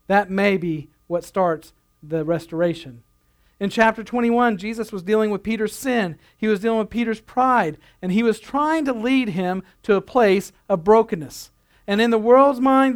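A man with a notably high voice delivering a sermon. He speaks earnestly, leaning on repeated phrases to drive his points home. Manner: earnest, building emphasis, repeats phrases for effect. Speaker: pastor.

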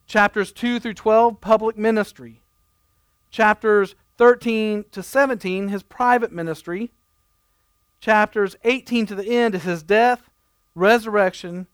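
A man's voice: high-pitched, clean tone, dry recording, studio quality. A man preaching a conversational sermon, reading scripture and adding playful everyday asides. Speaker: pastor.

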